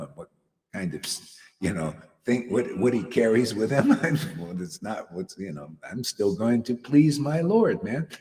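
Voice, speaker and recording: A man preaches in a loose, conversational way, his pitch swinging widely as he jokes, laughs and drops slang. His voice rings out with a long hall reverb behind it. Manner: animated, slangy, laughs often. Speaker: spiritual teacher. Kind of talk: casual devotional talk.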